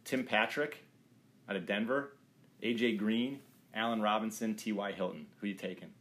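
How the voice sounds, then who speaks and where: Deep-voiced male host, loose jokey sports banter. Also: normal speed, fairly bright tone. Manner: quizzes the other speaker, jokey, rambling. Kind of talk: casual sports chat.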